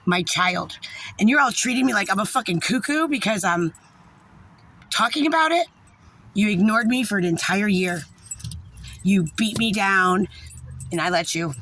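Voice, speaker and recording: Angry, husky-voiced woman ranting. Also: a little high, sharp tone. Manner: heated, profane, rambling. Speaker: parent. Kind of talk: angry direct-to-camera rant.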